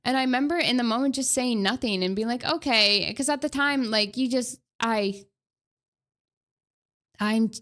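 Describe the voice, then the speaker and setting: A woman's voice: fairly high pitch, moderate pace, long pauses, fairly bright tone. A woman in her twenties telling a personal story to her stream in a casual, rambling way, full of fillers and restarts. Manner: chatty and conversational.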